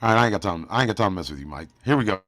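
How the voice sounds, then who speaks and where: A man's voice: low voice, animated, rapid-fire, fairly bright tone, dry recording. A man hosting a casual livestream, joking and teasing his chat, often trailing off into mumbles. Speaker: livestream host.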